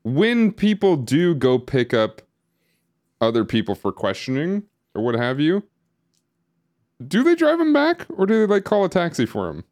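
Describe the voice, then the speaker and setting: A man's voice: on the high side, wildly swooping pitch, moderate pace, darkish tone. A man co-hosting a podcast in casual chat, rambling and hesitant with lots of fillers and restarts. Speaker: podcast co-host. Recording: live stream podcast recording.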